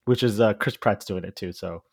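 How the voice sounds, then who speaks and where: A man hosting a casual podcast chat, talking in a halting way with lots of filler words and restarts. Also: fairly low pitch, creaky, no room sound, studio quality. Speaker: podcast host.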